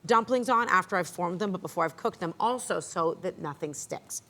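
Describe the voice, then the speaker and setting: A woman's voice: lowish voice, lively intonation, a little fast, bright, forceful tone. A woman hosting a cooking show, explaining a recipe step by step in an encouraging way. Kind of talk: cooking demonstration.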